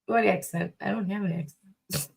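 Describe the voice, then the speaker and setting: A woman's voice: fairly low pitch, moderate pace, vocal fry. A woman from the Chicago area with a Chicago accent, chatting and joking as a co-host on a casual livestream.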